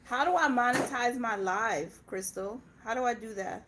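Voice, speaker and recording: Brief: young American mom, chatty livestream host, laughs easily, light noise behind. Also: female voice, on the high side, normal speed, a bit bright. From Indiana, US. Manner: chatty, laughs often, talks back to her kids. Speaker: personal finance channel host. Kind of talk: casual livestream chat.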